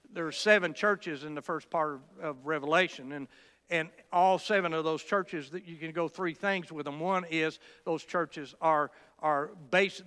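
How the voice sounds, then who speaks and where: A man's voice: a bit bright, smooth. A man preaching a sermon with passion, climbing to emphatic peaks and often stopping to restart his phrases. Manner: impassioned, rising to high emphatic peaks with halting restarts. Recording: echoey hall with long reverb.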